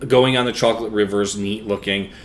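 A man's voice: fairly low pitch, fairly even intonation, fast. A man co-hosting a podcast, chatting casually and admiringly about a film, often stumbling and repeating words. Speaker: podcast co-host. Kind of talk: casual film discussion chat.

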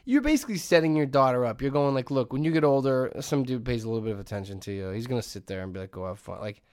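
A man's voice: medium pitch, rapid-fire, smooth, dry recording, clean studio sound. A middle-aged man co-hosting a podcast, telling stories in casual chat and acting out quotes as he goes. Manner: animated storyteller, acts out quotes. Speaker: podcast co-host.

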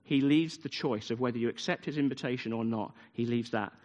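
A man's voice: mid-range voice, fairly quick, a little mellow, highs cut off. A man preaching a sermon, retelling a story with emphatic repetition. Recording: long hall reverb.

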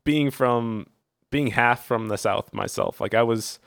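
A man's voice: mid-range voice, a little slow, gravelly, a bit bright, no room sound, clean studio sound. A man from Virginia, guest-hosting a podcast, chatting casually and joking with frequent laughs. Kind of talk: casual chat.

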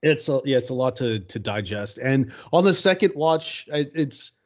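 A man's voice: mid-range voice, expressive, normal speed. A man co-hosting a casual movie podcast, sardonic and swearing freely, laughing often. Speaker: podcast co-host. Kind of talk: casual chat.

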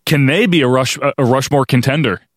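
A man's voice: medium pitch, brisk, no echo, studio quality. A man co-hosting a podcast, chatting casually and steering the segment with ums and restarts. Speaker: podcast co-host.

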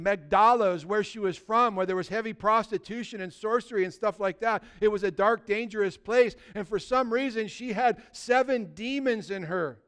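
A man with a high, clear, resonant voice preaches as a pastor. His sermon is animated and conversational, full of rhetorical questions, rising to loud emphasis and dropping to hushed tones.

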